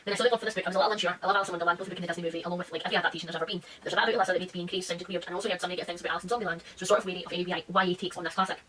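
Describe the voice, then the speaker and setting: A woman book reviewer in a casual vlog, blunt, sarcastic and sweary, who reads quoted reviews out fast and quietly. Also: fairly low pitch, fairly even intonation, slight background noise.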